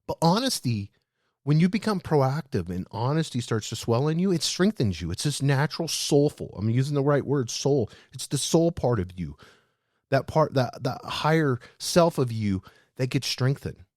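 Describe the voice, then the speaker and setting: A man hosting a leadership show, speaking straight to his listeners in a lively, animated way. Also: mid-range voice, normal speed, dry recording, clean studio sound. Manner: animated, addresses listeners as "guys". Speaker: podcast host.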